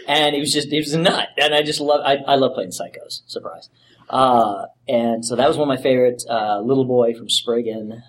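A man's voice: medium pitch, a little hiss or hum. A voice actor being interviewed, a man who talks in a playful, joking way and laughs easily. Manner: playful, jokey, quick to laugh. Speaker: voice actor guest. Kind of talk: casual interview chat. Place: convention.

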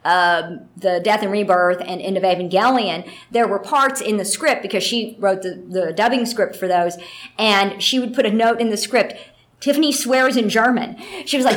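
A woman voice actress telling stories in a casual interview, chatty and animated, with plenty of fillers. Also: mid-range voice, moderate pace.

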